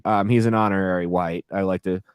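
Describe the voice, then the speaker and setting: A man co-hosting a casual podcast, telling animated, profane stories full of restarts. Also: low-pitched, brisk, clean tone, dry recording, studio quality. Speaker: podcast co-host.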